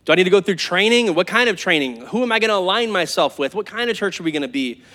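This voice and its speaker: High-voiced man preaching a lively sermon. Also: rapid-fire. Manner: animated, conversational preaching with crowd call-outs. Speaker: pastor. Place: church hall before a live congregation.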